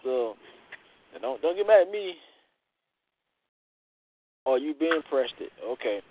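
A man's voice: medium pitch, very animated, measured pace. A man hosting a call-in radio show, joking, bawdy and laughing often. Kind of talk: call-in internet radio chat. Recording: phone-line audio with faint hiss.

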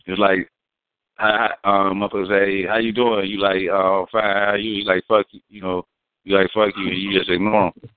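A man's voice: low voice, dry recording. A man in casual, profane, rambling talk, explaining slang terms and acting out quotes. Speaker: guest. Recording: dry, phone-like sound.

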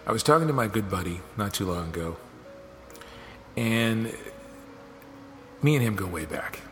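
A man's voice: on the low side, moderate pace. A man hosting his own podcast, telling stories casually and acting out what other people said. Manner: animated, acts out quoted dialogue. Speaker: podcast host. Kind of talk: casual storytelling monologue. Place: home office studio. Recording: long reverb with music behind.

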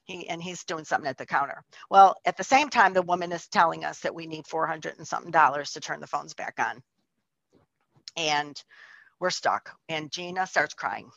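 A woman's voice: sits low, moderate pace, creaky, a bit bright, no echo, dull audio. A woman telling a personal testimony in a chatty way, full of likes and restarts. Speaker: storyteller.

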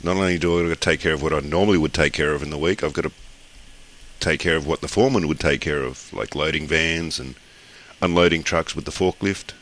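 Very low voice, Australian man, podcast co-host, rambling casual storytelling. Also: fast talker, fairly bright tone. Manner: rambling, matter-of-fact storytelling. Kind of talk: casual chat.

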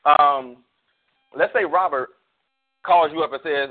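A man's voice: a little high, unhurried, pauses often. A man, a pastor, talking casually on a church call show, preaching through slangy stories and hypotheticals. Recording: tinny phone-like call audio.

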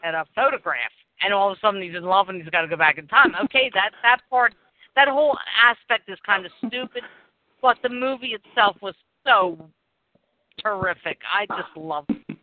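A man's voice: high-pitched, expressive, moderate pace, no room sound. A man hosting a podcast, chatting casually and gushing, often laughing. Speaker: podcast host. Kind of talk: casual chat. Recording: tinny phone-like line.

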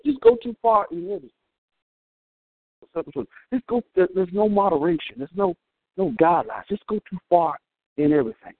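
Lively, high-pitched male preacher on a thin line. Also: a little fast, pauses often. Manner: animated, humorous preaching with call-outs to the congregation. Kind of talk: sermon. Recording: thin phone-like sound, dry.

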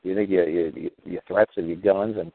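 Host, male, deep voice, combative rhetorical talk radio rant, dry phone-line sound. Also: steady tone, moderate pace, gravelly, no echo. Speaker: show host. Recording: tinny phone-like radio audio.

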